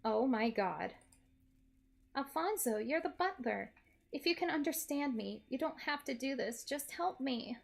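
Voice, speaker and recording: A woman's voice: a little high, moderate pace, creaky. A woman voicing a sarcastic, wisecracking young woman held hostage in a game. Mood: wry. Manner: sarcastic, wry.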